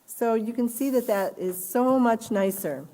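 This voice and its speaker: Animated woman teacher reading scenarios. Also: on the high side, unhurried. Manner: animated, reads aloud and acts out quoted speech. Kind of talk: live online class lesson.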